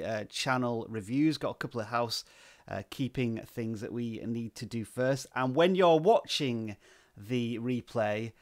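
A man hosting a live stream, greeting viewers by name and talking at a slow, relaxed, deliberate pace with plenty of "uh" fillers, into a desk microphone. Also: medium pitch. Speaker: livestream host. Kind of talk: live-stream chat, reading out viewer names.

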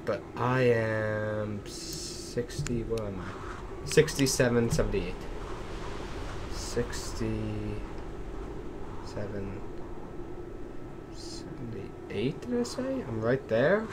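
A man commenting nervously as he plays a game, sliding between quiet muttering and sudden exclamations. His voice sits in an ordinary middle pitch. A steady air-conditioner hum stays clearly audible behind him. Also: slow. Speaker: let's play gamer. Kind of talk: gaming commentary.

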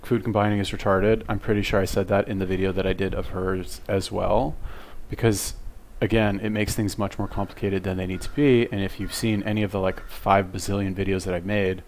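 A man's voice: sits low, flat delivery, brisk, a little mellow, a little hiss or hum. A man giving casual reaction commentary on a video, blunt, profane and exasperated, lecturing his viewers.

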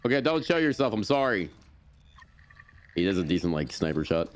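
A man's voice: low-pitched, fairly quick. A man chatting casually as a teammate during a game, telling stories and calling out enemies. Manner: chatty, excitable, lively storytelling. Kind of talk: casual gaming chat. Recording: noisy game voice chat.

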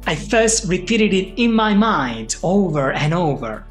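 A man's voice: high-pitched, sing-song, a little slow, few pauses, soft background music. A man in his thirties with an Italian accent, giving an upbeat, scripted English lesson straight to the viewer. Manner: upbeat, direct, encouraging. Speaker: English teacher.

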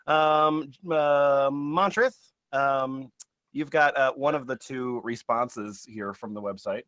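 A man's voice: mid-range voice, slow pace, a bit bright, dry recording, studio quality. A young man hosting a comedy podcast marathon, rambling with lots of fillers and frequent laughter. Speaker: podcast host. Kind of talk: comedy podcast livestream chat.

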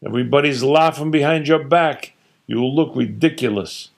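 A man's voice: mid-range voice, expressive, moderate pace. A man voicing a blustering, combative older father who rants emphatically and scornfully, in a story he reads aloud. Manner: loud, emphatic, scornful ranting. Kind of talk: storytelling reading with character voices.

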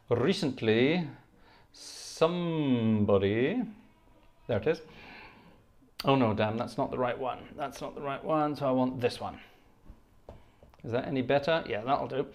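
Posh scottish guy on a live stream, chatty, lots of gosh and splendid, middle-aged. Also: medium pitch. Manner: chatty, effusive, quick thanks like 'gosh' and 'splendid'. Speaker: livestream host and organist. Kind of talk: casual livestream chat reading the chat.

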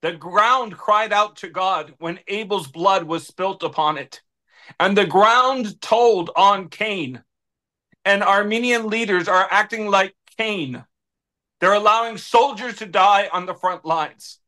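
A man's voice: high-pitched, slow pace, sharp tone. A man speaking as an interview guest, making an impassioned, preacher-like plea with repeated appeals to God. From United States. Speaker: guest, political adviser.

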